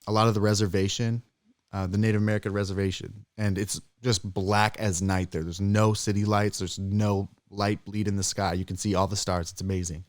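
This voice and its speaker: Young man, podcast co-host, lowish voice, dry close mic, lively storytelling. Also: brisk, no room sound. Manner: animated storyteller who jumps high and loud when acting out scared voices. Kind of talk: casual storytelling chat.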